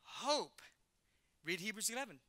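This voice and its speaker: A middle-aged male pastor preaching a sermon in an animated way, acting out Bible characters in casual slang. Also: high voice, a little slow.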